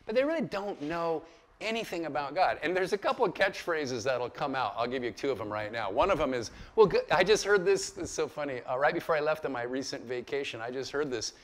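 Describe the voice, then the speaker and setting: A man's voice: fairly high pitch, expressive, fairly quick. A man in his fifties giving an informal Bible lecture to a group, conversational and full of stories and asides. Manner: conversational and storytelling, with asides and chuckles. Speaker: pastor teaching a Bible lecture. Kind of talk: informal teaching talk to a group.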